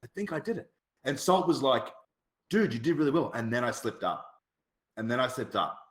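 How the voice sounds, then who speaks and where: A man's voice: mid-range voice, expressive, brisk, reverberant. An Australian man telling stories in casual podcast chat, swearing freely and laughing often. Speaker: podcast guest, guild shot caller.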